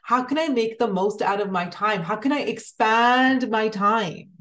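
A woman's voice: a little high, measured pace, a bit bright. A woman giving an earnest, motivational spiritual talk, speaking directly to the listener in repeated phrases. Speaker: spiritual content creator.

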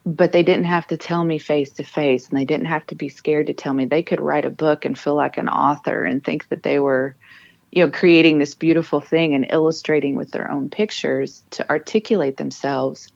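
Low-voiced earnest woman. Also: fairly even intonation, normal speed, creaky, darkish tone, no echo, highs cut off. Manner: earnest, emotional, with many restarts. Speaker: military spouse and author. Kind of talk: personal storytelling in an interview.

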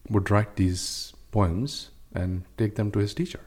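Male podcast guest, low warm voice, rambling anecdotal delivery. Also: unhurried, breathy edge. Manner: storytelling, with "uh" fillers and restarts. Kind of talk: casual discussion.

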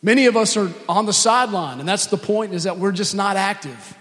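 A man's voice: sits high, animated, brisk, a bit bright. A man preaching a sermon, telling a story earnestly and acting out the dialogue of the people in it. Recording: long reverb of a hall.

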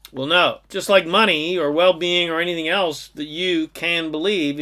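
A man's voice: on the high side, bright, forceful tone. A man giving a motivational self-help talk, emphatic and stringing long lists of clauses together. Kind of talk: motivational monologue.

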